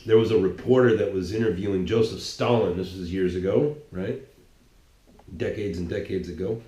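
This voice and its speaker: A man's voice: deep voice, moderate pace, warm tone, echoey room. A man giving a heated political monologue, rambling and restarting his sentences as he goes. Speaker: political commentator. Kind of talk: ranting monologue.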